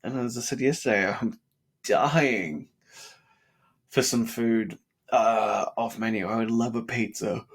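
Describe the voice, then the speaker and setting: A man's voice: fairly low pitch, takes it slowly, pauses often, breathy edge. An exhausted man, talking bluntly and with plenty of swearing in a casual motivational vlog, yawning between thoughts. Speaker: vlogger on a self-improvement challenge.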